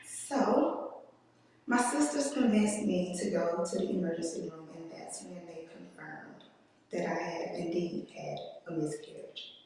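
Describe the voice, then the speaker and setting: A woman giving an earnest, emotional personal testimony to a conference audience, speaking slowly with long pauses. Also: lowish voice, dark tone. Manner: slow, deliberate delivery with long pauses. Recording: echoey hall, distant mic.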